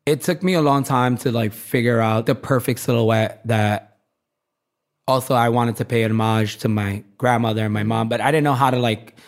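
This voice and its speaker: A man's voice: medium pitch, fairly even intonation, normal speed. A man, a fashion designer, talking casually as an interview guest, peppering his stories with "like" and acting out the voices of people he quotes. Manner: chatty, leans on "like", acts out quoted voices.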